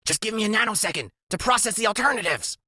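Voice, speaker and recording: A man voicing a small, clever, bossy boy who barks out urgent orders in quick bursts. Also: high voice, expressive, sharp tone, no room sound, studio quality, voice pushed up, heavily acted. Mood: excited.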